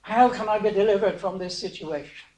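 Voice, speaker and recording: A man's voice: high voice, fairly quick, darkish tone, reverberant, natural voice. A man voicing a desperate, terrified male jailer within a sermon, pleading in a string of questions.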